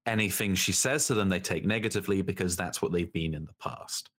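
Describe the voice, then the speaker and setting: A man's voice: sits low, fairly quick, fairly bright tone, slightly rough. A man co-hosting a podcast, chatting casually and bluntly, often cutting in. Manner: talks over his co-host, blunt opinions. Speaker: podcast co-host. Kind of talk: casual chat.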